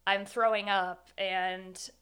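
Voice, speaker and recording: A woman's voice: mid-range voice, level tone, slow pace, a bit bright, clean tone. A young woman in her twenties, a guest telling her own story in an interview, candid and earnest, with many "like"s. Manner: candid, earnest, says 'like' often.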